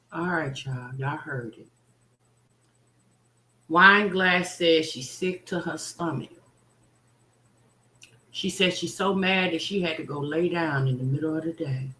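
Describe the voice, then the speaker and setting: A woman's voice: low voice, slow, long pauses, pushed and bright, roomy sound. A woman hosting a reaction livestream, chatting and teasing, talking straight to her viewers. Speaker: reaction channel host. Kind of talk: casual livestream commentary.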